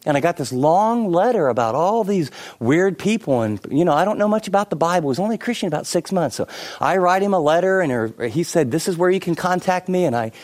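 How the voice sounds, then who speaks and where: A middle-aged man preaching a sermon, telling stories with many asides and shifting between lively and hushed delivery. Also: sits high, fast talker. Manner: animated storytelling with many asides. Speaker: pastor.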